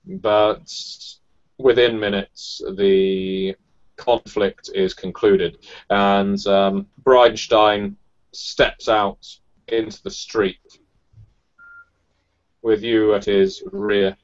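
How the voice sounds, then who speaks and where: Low slow guy running a tabletop game, lots of uhs, dull lo-fi sound. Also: level tone. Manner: measured, hesitant with fillers. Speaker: game master.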